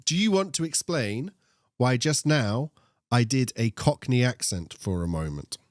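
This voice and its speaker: A man's voice: mid-range voice, animated, unhurried, dry recording, studio quality. A young man with a posh British accent co-hosting a casual esports chat, joking and wandering off on tangents. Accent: posh British English. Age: young adult. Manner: joking, rambling, prone to tangents. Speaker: co-host.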